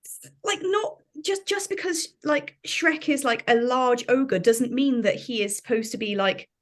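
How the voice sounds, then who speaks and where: A woman's voice: sits high, measured pace. A woman who is a guest on a casual film podcast, talking in a chatty way and filling her speech with the word "like". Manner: chatty, many "like" fillers.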